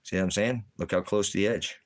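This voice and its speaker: A man vlogging in casual chat, rambling and repeating himself with halting restarts. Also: low-pitched, fairly even intonation.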